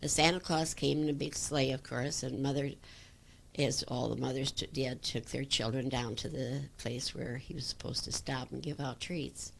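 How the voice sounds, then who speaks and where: An older woman reminisces in an oral history interview, her voice very low and gravelly. She rambles through memories with fillers and restarts, and a faint hiss sits under the recording. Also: steady tone, moderate pace.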